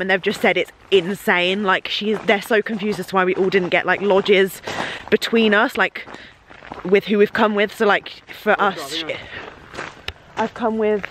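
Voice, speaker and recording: A woman's voice: mid-range voice, fairly bright tone, slight background noise, low-quality recording. A young woman, vlogging on a handheld camera from inside a large holiday lodge. She is gushing and giddy, laughing often. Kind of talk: excited casual vlog.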